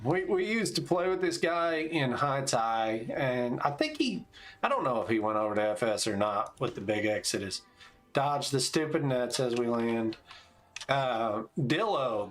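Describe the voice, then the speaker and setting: An unhurried, animated man with a medium-pitched voice, in his forties, streams a game. He chats casually in a laid-back way, mixing stories with tactical callouts as he plays.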